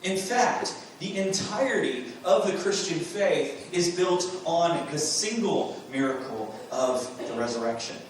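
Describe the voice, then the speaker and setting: A man's voice: on the high side, lively intonation, a little slow, few pauses, slight background noise. A man preaching a sermon as pastor, earnest, with rhetorical questions and emphatic bursts. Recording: very echoey room, mic from a distance.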